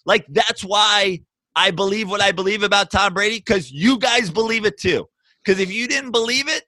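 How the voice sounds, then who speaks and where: A man co-hosting a sports podcast, arguing loudly and mockingly, swearing and mimicking others in shouted voices. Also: high-pitched, moderate pace, dry recording. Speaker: podcast co-host. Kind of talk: heated sports debate.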